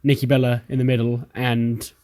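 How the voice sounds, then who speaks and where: A man's voice: medium pitch, level tone, moderate pace, mellow. A man casually narrating his own playthrough of a wrestling management game. He swears freely and briefly acts out the characters' lines as he tells the story. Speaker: game let's-player narrating a wrestling sim.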